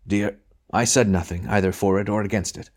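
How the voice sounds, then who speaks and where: A man reading an audiobook, voicing a grave husband who speaks in a soothing, steady, reassuring way. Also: lowish voice, brisk.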